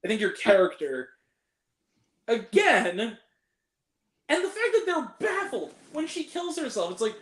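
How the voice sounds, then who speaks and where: Animated young man ranting about films. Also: extremely high pitch, measured pace, roomy sound. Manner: animated, ranting, swears freely. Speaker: host. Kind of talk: casual film review chat.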